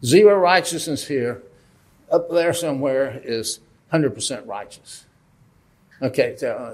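A husky, medium-pitched male voice belongs to a Bible teacher at a lectern. His lesson is informal and conversational, full of questions for the audience and humor aimed at himself.

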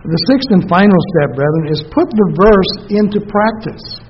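A man preaching a sermon in a measured way, often calling his listeners brethren and repeating each key phrase. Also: high-pitched, husky, dull audio.

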